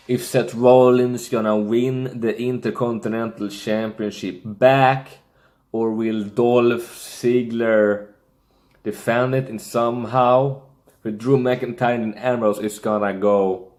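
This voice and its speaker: A young man talking casually through his predictions, hesitant and thinking aloud with many fillers and restarts, in non-native English phrasing. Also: medium pitch. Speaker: wrestling fan predicting matches. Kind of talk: casual solo prediction talk.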